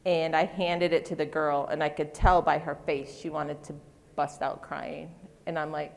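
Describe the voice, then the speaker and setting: This middle-aged woman has a low, gravelly voice with a level tone and normal speed as she leads a live floral design demo. Chatting away, she pokes fun at herself and trades jokes with the crowd, her words echoing with long reverb through the big convention hall where she stands on stage.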